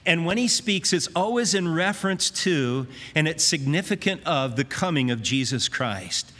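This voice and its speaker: A man preaching an expository sermon, earnest and emphatic, reading scripture slowly. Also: on the high side, lively intonation, sharp tone. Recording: reverberant hall.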